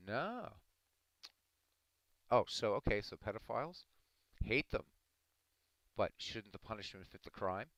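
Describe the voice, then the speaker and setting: Male streamer, very low voice, dry close mic, earnest and argumentative with viewers. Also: moderate pace, long pauses, a bit bright, dry recording, poor audio. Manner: earnest, argumentative, addressing chat by name. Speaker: livestream host talking to chat. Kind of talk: casual live-stream commentary.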